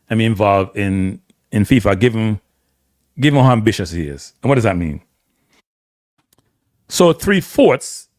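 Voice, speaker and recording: A man with a Jamaican accent hosting a casual live-stream commentary, blunt and animated, slipping between patois and standard English. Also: fairly low pitch, no echo, studio quality. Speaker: host.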